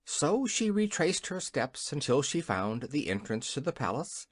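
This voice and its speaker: An audiobook narrator reading a classic children's story in a scripted storybook style. The pitch rises and falls a great deal, and the recording is dry and close, with no room sound. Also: a little slow, dry recording. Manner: expressive, animated reading.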